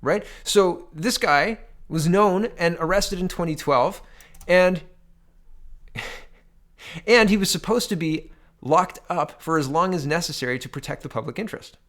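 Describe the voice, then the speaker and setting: A man's voice: on the high side, measured pace, fairly bright tone. A man from Canada giving casual political commentary to camera, loose and conversational, with restarts and quotes read aloud.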